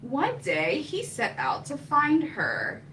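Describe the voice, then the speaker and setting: A woman's voice: high-pitched, very animated, pushed and bright, recorded from a distance, rough recording. A woman librarian leading a children's story time, reading aloud in an encouraging way. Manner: slow, sing-song, encouraging. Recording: faint room noise, voice from off-mic.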